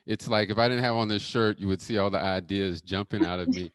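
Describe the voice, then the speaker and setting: A man's voice: low-pitched, a little fast, smooth, dry recording. Playful man on a video call. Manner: playful, joking. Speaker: actor. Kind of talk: casual video call chat.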